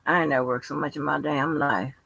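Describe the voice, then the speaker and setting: A woman's voice: low-pitched, steady tone, fast talker, creaky, fairly bright tone, husky, no room sound, rough recording. A sleepy woman hosting her channel, chatting casually in a drawling, profane, yawning way. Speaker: channel host. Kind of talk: casual late-night chat.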